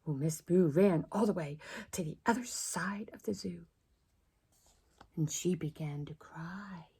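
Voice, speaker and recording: A woman preschool teacher reading a picture book aloud to children, expressive and often dropping to a whisper. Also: on the low side, measured pace, breathy edge.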